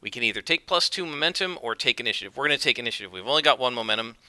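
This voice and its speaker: A man's voice: mid-range voice, animated, rapid-fire, pushed and bright, no echo. A man narrating his solo tabletop game, thinking aloud and explaining dice rolls with frequent fillers and corrections. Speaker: game master and solo player.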